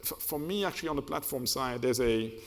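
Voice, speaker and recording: A man's voice: medium pitch, a little fast. A man answering a question on a conference panel, hesitant, with many fillers and restarts. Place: conference hall. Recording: reverberant conference hall.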